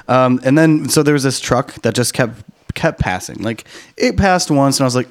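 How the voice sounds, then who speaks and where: A man's voice: mid-range voice, lively intonation, normal speed. A man co-hosting a casual chat podcast, easygoing and agreeable, talking with many fillers and restarts.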